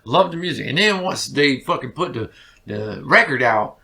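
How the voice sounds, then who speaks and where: A man's voice: medium pitch, expressive, moderate pace, creaky, bright, forceful tone. A man, a musician guest telling rambling stories in a casual interview, full of swearing and fillers.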